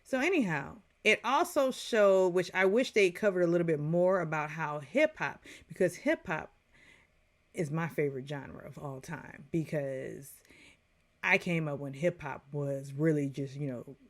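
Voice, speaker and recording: A woman's voice: low voice, measured pace. A woman in her forties giving a casual, chatty movie review, full of digressions and playful asides.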